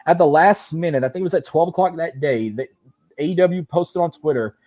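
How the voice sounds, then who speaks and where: A man guesting on a podcast interview, telling loose, animated stories with casual swearing. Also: a little high, brisk. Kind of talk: casual chat.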